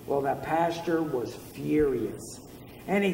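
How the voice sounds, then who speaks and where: A man's voice: on the high side, measured pace, vocal fry, distant mic, a little hiss or hum. A man preaching a sermon as pastor, telling a story in an earnest way. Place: church sanctuary. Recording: roomy hall from afar.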